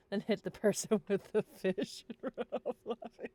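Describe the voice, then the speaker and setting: A woman's voice: mid-range voice, dark tone. A tired woman streaming a worldbuilding session, chatting casually, giggling often and talking to her pets.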